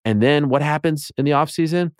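A man's voice: a little high, brisk, dry recording, studio quality. Passionate man in his late 30s. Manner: passionate, rants with rising intensity. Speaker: guest. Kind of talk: casual sports chat.

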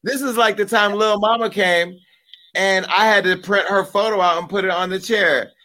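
A man hosting a chatty talk show, his voice sitting a little higher than most men's. He jokes and curses freely in quick, loose banter. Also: fairly even intonation, sharp tone. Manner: profane, joking, rapid banter. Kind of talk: casual chat.

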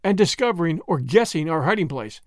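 Marie, a grieving young Boer woman, soft and earnest, read by a man in a bright, close, dry audiobook voice. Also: fairly high pitch, big pitch swings, a little fast, no room sound. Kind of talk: audiobook reading.

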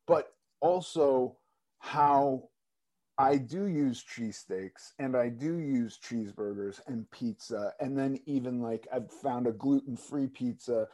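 A man's voice: medium pitch, slow pace, dark tone. A man in a casual podcast conversation, talking in a loose, rambling, self-mocking way.

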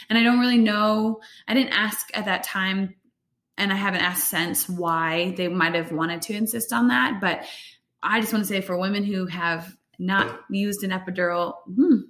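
A young woman tells a personal story in a relaxed, candid way, full of fillers and animated asides. Her voice sits at an ordinary middle pitch, and the room around her adds a noticeable echo. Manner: chatty, candid, with frequent fillers and animated retellings. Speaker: vlogger sharing a birth story. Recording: roomy echo.

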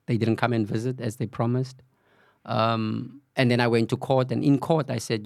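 A man's voice: medium pitch, fairly even intonation, moderate pace, gravelly, a little mellow, dry recording, clean studio sound. A middle-aged man, a podcast guest candidly telling a story and acting out what people said. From South Africa, Cape Flats. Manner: recounts events with acted-out quoted dialogue and frequent "you know".

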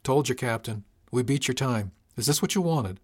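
A man's voice: medium pitch, animated, normal speed, husky. A man voicing a proud, cheerful dock foreman in an upbeat, slightly raised voice.

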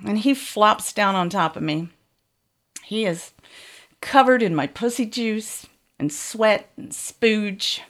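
A woman's voice: mid-range voice, lively intonation, takes it slowly, a bit bright. A woman frankly telling a bawdy, comic first-person story.

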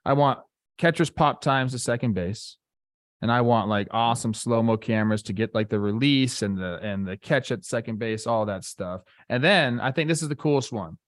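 A man co-hosting a sports podcast, talking in a relaxed, enthusiastic way with lots of casual fillers. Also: mid-range voice, moderate pace, no echo, studio quality. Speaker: podcast co-host, former player.

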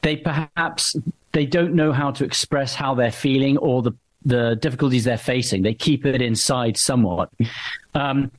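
A man interviewing a guest, asking long, wandering, supportive questions. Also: medium pitch.

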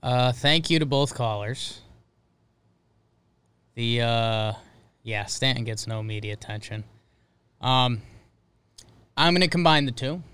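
A man co-hosting a casual sports podcast. His voice is smooth and clear, and the mic sounds close and dry. He rambles, stopping and restarting his sentences. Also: medium pitch, slow pace, long pauses, fairly bright tone, no room sound. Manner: rambling, hesitant, many fillers and restarts. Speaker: podcast co-host.

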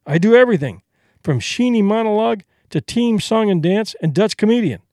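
A man's voice: high-pitched, lively intonation, brisk, a little mellow, no echo, studio quality, pitched above the performer's own voice. A man voicing a brash young male vaudeville tramp comic who talks in boastful, breezy slang.

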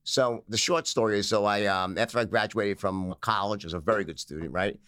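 A man's voice: lowish voice, brisk. An American man telling stories in a casual interview as the guest, acting out the people in them and laughing often. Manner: lively, animated storyteller who acts out the people in his tales, laughing often.

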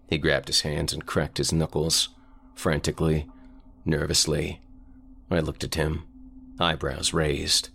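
A man narrating a first-person horror story in a measured, deliberate way. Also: a bass voice, little pitch movement, creaky, a bit bright, a little hiss or hum. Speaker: voice actor narrator.

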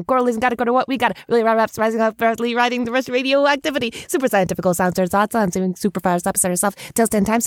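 A woman reciting a long memorized alphabet rap with a rapid-fire rhythmic delivery. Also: on the high side, no echo, studio quality. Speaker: player.

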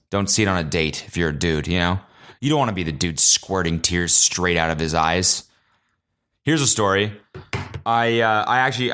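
A young man hosting a casual solo podcast, telling animated stories with lots of swearing and high-pitched acted-out quotes. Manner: animated storyteller, swears a lot, jumps high in pitch when acting out quotes. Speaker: podcast host.

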